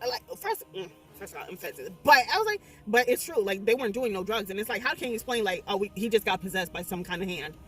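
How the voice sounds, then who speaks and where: A young adult woman recapping a horror movie in a casual, rambling way, animated and swearing constantly as she exclaims through the story. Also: mid-range voice, quick pace, few pauses, distant mic. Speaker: movie reviewer. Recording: voice a bit off-mic, faint music behind.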